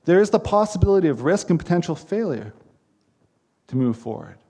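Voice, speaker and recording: Man, pastor, sermon, mellow gravelly voice, emphatic. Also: a little high, big pitch swings, fairly quick. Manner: earnest, emphatic preaching with repeated phrases.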